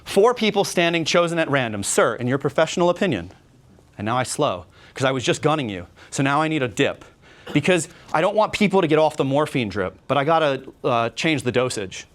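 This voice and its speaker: A man talking to a room of fellow magicians at a convention workshop, energetic and conversational, often checking in with "right?" and slipping into a stage patter to demonstrate. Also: on the high side, fairly quick. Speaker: magician giving a workshop talk.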